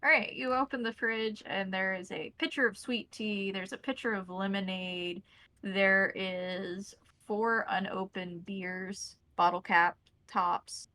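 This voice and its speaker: Bright-voiced woman game master. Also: mid-range voice, steady tone, slow pace, rough recording. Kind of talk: narrating a tabletop game.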